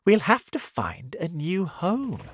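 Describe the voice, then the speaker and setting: A man voicing a worried father fox who urges his family on in shouts. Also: sits high, wildly swooping pitch, slow pace, a little hiss or hum, pitched above the performer's own voice, exaggerated voice. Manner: urgent and shouting. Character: worried adult male fox, a protective father.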